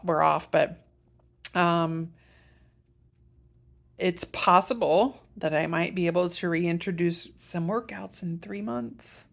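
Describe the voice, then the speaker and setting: A woman's voice: fairly low pitch, creaky. A middle-aged woman from Iowa in a casual vlog, talking through her treatment plan in a rambling, self-correcting way. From Iowa, USA. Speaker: patient sharing a health update.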